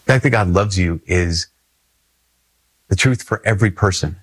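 A man's voice: deep voice, moderate pace, a bit bright, husky, no room sound. A man from Minnesota, a priest, giving a conversational homily with earnest emphasis and repeated phrases.

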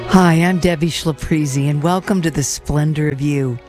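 A woman's voice: deep voice, moderate pace, darkish tone, soft background music. A woman hosting a faith program, giving an earnest, personal reflection on scripture and speaking to listeners as friends. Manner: laughs lightly, sometimes drops to a whisper.

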